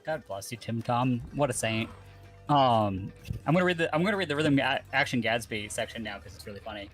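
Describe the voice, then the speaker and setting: Easygoing male co-host, mid-range voice, reads review text aloud; music clearly audible underneath. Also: mid-range voice, expressive, a little fast, fairly bright tone. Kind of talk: casual gaming chat, reading reviews aloud.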